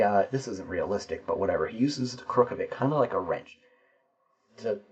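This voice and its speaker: A man narrating a solo tabletop game and explaining each dice roll and rule as he goes. His voice is low and husky. The recording sounds dull and lo-fi. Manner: explains dice rolls and rules aloud as he narrates.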